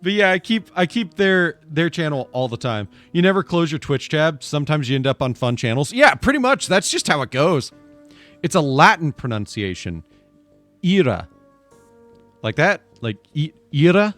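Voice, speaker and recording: A man's voice: on the high side, normal speed, faint music behind. A man streaming a game, chatting casually and laughing often. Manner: laughs a lot, chatty and animated.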